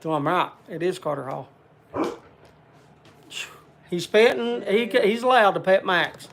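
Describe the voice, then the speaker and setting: A man's voice: high-pitched, expressive, a little slow, creaky, background noise. A man hosting a casual livestream, rambling as he reads out viewer names with lots of "uh" fillers and chatting to the audience by name. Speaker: livestream host.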